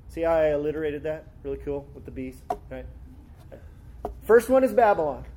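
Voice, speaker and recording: On the high side, expressive and a little mellow, this man's voice moves at a moderate pace. He preaches a sermon, reading scripture with rising fervor and explaining it conversationally with frequent tag questions.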